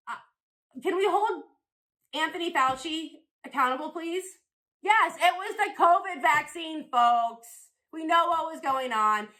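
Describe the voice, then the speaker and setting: A woman's voice: sits high, pushed and bright. A woman comedian and podcast host delivering a rambling, profane, provocative stand-up rant.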